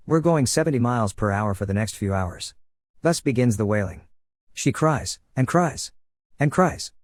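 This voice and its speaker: Man, narrator, reading forum posts, low pitch, dry recording, steady delivery. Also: dry recording.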